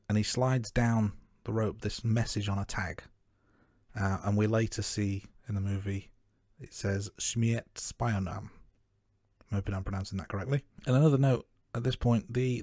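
A man co-hosting a film review podcast, talking through his notes in a measured, casual way. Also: on the low side, fairly even intonation, dark tone, no room sound, clean studio sound. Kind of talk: casual chat.

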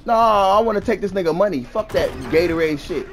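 A man's voice: sits high, brisk, faint music behind. A young man gaming and trash-talking an opponent over voice chat, taunting and mocking, repeating his insults over and over. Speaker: gamer.

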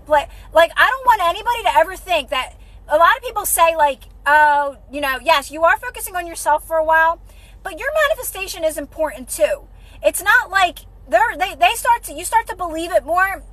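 A woman's voice: very high voice, fairly bright tone, no echo, rough recording. A woman hosting a casual motivational livestream, repeating herself encouragingly and greeting viewers by name. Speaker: livestream host.

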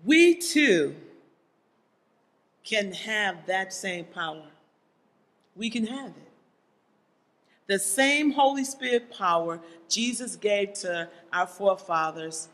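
A preacher delivering a sermon to a congregation, pressing the listeners with pointed rhetorical questions. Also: mid-range voice. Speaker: church speaker. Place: church sanctuary. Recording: long hall reverb in a church.

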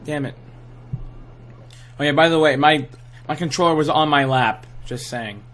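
A young man giving excitable, trash-talking live commentary over his own gameplay, full of gamer slang. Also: on the high side, moderate pace. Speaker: gaming channel host.

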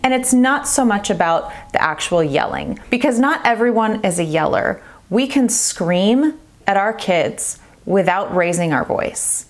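A woman's voice: medium pitch, animated, measured pace. A woman in her thirties giving earnest parenting advice straight to camera, stressing her points by repeating them. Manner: earnest, emphatic, repeats key phrases. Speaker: parenting vlogger. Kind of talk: direct-to-camera advice talk.

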